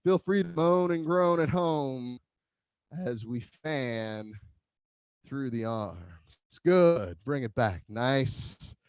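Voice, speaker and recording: Male tai chi instructor, unhurried cues with an animated lilt, dry room sound. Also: medium pitch, clean tone, no room sound. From Philadelphia area. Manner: calm cueing with playful whoops. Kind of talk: guided online movement class.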